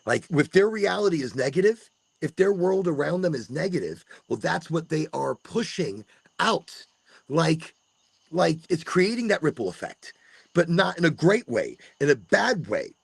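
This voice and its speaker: A man's voice: on the high side, big pitch swings, moderate pace, gravelly, slightly rough, dry recording. A man hosting a casual late-night podcast monologue outdoors on rural land, rambling and restarting his words as he drifts between jokey asides and earnest encouragement. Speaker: podcast host. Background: crickets and insects.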